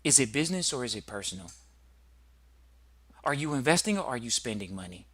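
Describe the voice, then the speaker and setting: A man's voice: medium pitch, very animated, brisk, a bit bright, slightly rough, no echo. A man hosting a podcast, lecturing in an emphatic, repetitive way. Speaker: podcast host, trust educator. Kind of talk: preachy podcast monologue.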